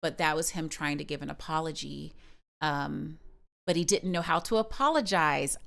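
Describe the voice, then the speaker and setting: A woman's voice: low voice, normal speed, creaky, fairly bright tone. A woman streamer talking in a rambling, candid way, with many fillers and restarts. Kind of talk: casual personal chat on a livestream.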